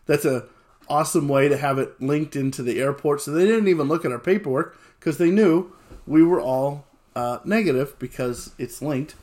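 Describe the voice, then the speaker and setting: A man telling a lively personal anecdote, acting out what people said and laughing along the way. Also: fairly high pitch, moderate pace. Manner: animated storyteller who acts out quotes and laughs often.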